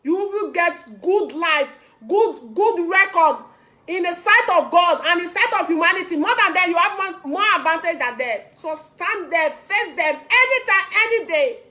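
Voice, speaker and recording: A woman's voice: very high-pitched, lively intonation, normal speed, bright, forceful tone. A young woman with a Nigerian Pidgin accent giving an impassioned activist speech, rousing and repeating lines for emphasis. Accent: Nigerian Pidgin English. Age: young adult. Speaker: activist speaker.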